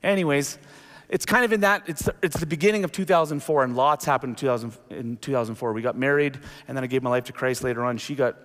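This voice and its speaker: A middle-aged man preaching a sermon as pastor, telling a story with animated energy. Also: medium pitch, quick pace. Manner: animated storytelling, jumps into acted quotes. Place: church sanctuary. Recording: long reverb of a large hall.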